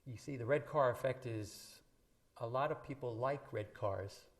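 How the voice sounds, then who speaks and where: A man's voice: medium pitch, measured pace. A man preaching a sermon in a church, talking conversationally to the congregation and lifting his voice when he quotes scripture. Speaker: minister. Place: church sanctuary.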